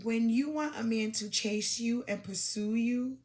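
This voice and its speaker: A woman's voice: fairly high pitch, measured pace, a little mellow. A woman from Brooklyn, hosting a podcast and giving chatty, emphatic dating advice with dramatic asides. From Brooklyn, New York. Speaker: podcast host. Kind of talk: casual advice monologue.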